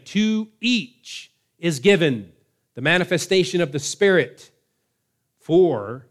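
A man preaching a sermon in a measured way, slowing down to stress key words. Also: medium pitch. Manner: measured preaching, slows for emphasis. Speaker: pastor.

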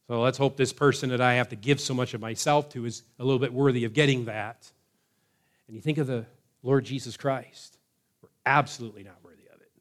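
A man preaching a sermon in a measured way, slowing down to stress key words. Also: mid-range voice, fairly even intonation. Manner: measured preaching, slows for emphasis. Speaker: pastor.

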